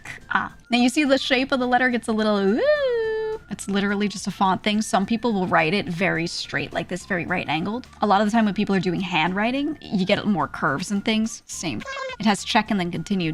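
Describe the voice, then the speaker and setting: A woman streaming a casual Korean lesson, talking easily and sounding out each vowel and consonant as she goes. Her voice sits at a medium pitch, and faint music plays behind her. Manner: chatty, explains sounds by demonstrating them.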